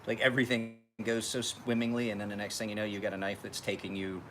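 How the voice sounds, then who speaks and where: A man's voice: flat delivery, fast talker. A man telling rambling, profane stories while sharpening knives on a live stream. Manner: profane, rambling anecdotes, acts out other voices in high tones. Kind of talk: casual livestream storytelling. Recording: faint background noise.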